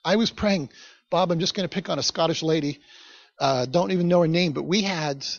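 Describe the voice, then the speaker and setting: A man's voice: on the high side, brisk, creaky, no room sound. Male pastor, conversational storytelling sermon, dry close sound. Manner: conversational, chatty asides to the congregation. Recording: dull, dry recording.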